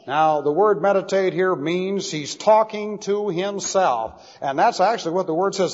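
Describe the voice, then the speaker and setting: A man's voice: high-pitched, moderate pace. A man preaching an expository Bible sermon, stretching out key words for emphasis. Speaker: pastor. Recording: muffled old recording in a reverberant hall.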